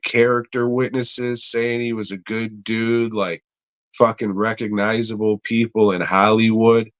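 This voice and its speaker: A man's voice: mid-range voice, no echo. A man co-hosting a comedy podcast, chatting casually in a rambling, profane way with lots of fillers. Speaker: podcast co-host.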